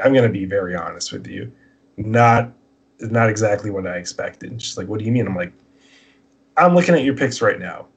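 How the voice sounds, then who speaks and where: Husky man telling a rambling story. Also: sits low. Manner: rambling, animated storyteller acting out dialogue. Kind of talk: casual podcast storytelling.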